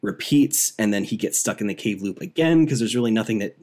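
A man's voice: lowish voice, expressive, brisk, warm tone. A man co-hosting a podcast, chatting casually and enthusiastically about a movie, rambling and laughing often. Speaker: podcast co-host. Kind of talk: casual movie review chat.

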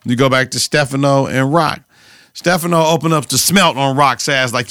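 A man's voice: mid-range voice, moderate pace, fairly bright tone, no room sound, studio quality. A man hosting a podcast, recapping a TV episode in loose, slang-heavy casual chat with repeated catchphrases.

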